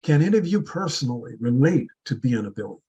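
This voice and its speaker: Man, husky mid-range voice, earnest motivational speaker stacking rhetorical questions. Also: medium pitch, sing-song, fast, mellow, dull audio. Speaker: speaker at a public speaking club meeting. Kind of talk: prepared motivational speech.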